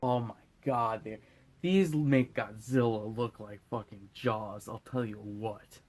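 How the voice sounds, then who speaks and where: A man's voice: fairly low pitch, takes it slowly, a little mellow. A drunk man recapping a movie in a loose, crude, rambling way, often acting out lines in silly voices. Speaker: host.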